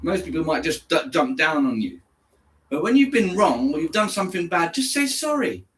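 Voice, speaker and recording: A man's voice: on the high side, very animated, normal speed, a bit bright. A man from England chatting casually on a live stream, answering viewers by name and slipping into German now and then. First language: English. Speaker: livestreamer reading chat.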